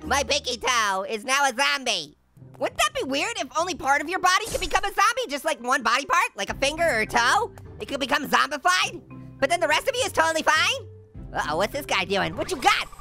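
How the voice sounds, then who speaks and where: A man voicing a hyper, wisecracking talking orange who tells puns and laughs at his own jokes while commentating a game. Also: exaggerated voice. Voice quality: squeaky, high, gravelly edge. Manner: giggly, pun-telling, constantly laughing at own jokes. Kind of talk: gaming let's-play commentary.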